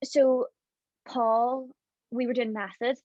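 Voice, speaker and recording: A woman's voice: on the high side, steady tone, slow, darkish tone, no echo. A chatty young woman, talking loosely and full of "like". The sound is dull and muffled. The room is dead dry. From Ireland. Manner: chatty, laughs often, lots of "like". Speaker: guest, drama student. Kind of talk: casual interview chat.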